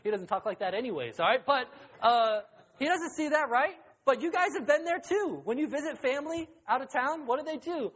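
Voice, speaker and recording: A man's voice: very high voice, fairly quick. Joking, chatty youth pastor, a man. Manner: joking, conversational, rising to excited emphasis. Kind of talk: casual sermon. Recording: dull lo-fi recording.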